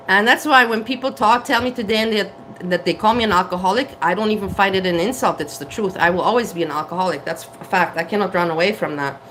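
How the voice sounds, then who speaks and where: A woman's voice: mid-range voice, a bit bright, slight background noise, low-quality recording. A woman vlogging candidly to camera from her kitchen, frank and blunt, swearing and laughing at herself. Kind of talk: candid casual talk to camera. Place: home kitchen.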